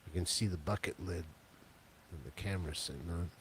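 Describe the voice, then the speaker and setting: A man co-hosting a casual home podcast, with a slow, dry, jokey way of talking. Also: low voice, a little hiss or hum. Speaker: podcast co-host.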